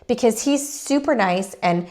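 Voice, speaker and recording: Animated woman recounting a story. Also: a little high, a little slow, crowd noise. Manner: animated storytelling, acts out quotes. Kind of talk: candid podcast conversation.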